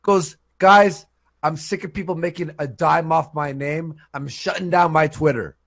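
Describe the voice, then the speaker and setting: A man's voice: on the high side, steady tone, unhurried, creaky, fairly bright tone. A man hosting a live stream, telling stories in a rambling, casual way. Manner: rambling storytelling with fillers. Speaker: stream host.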